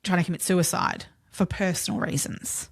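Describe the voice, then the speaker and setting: A woman's voice: lowish voice, moderate pace, creaky, breathy edge. A woman co-hosting a podcast, telling a true-crime story in a casual, chatty way, full of "like" fillers and casual swearing. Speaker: podcast co-host.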